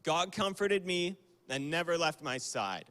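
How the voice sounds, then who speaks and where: A man's voice: fairly high pitch, expressive, a little slow, fairly bright tone. A young man giving a casual, conversational youth sermon on a livestream, with fillers and small apologies. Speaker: youth speaker. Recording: long hall reverb.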